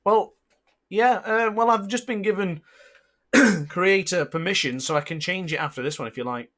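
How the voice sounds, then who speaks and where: Excitable man commentating his race. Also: high-pitched, moderate pace. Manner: excitable, mock race-caller, bursts into frustrated outbursts. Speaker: gaming streamer. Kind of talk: livestream gameplay commentary.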